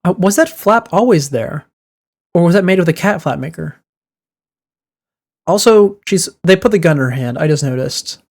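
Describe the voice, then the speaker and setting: Excitable man streaming a game. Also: a little high, normal speed, vocal fry, pauses often. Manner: excitable reactions. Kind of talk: let's-play commentary, reading dialogue aloud.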